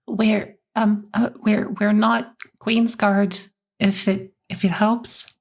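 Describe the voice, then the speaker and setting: Woman player, husky, hesitant, stammering. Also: medium pitch, level tone, slow pace, a little mellow. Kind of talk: casual tabletop play.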